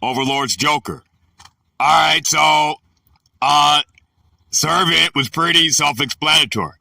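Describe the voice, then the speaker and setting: A man teaching a Bible word-study lesson, talking haltingly with many filler pauses. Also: on the high side, creaky, bright, forceful tone, no echo, studio quality, distant mic.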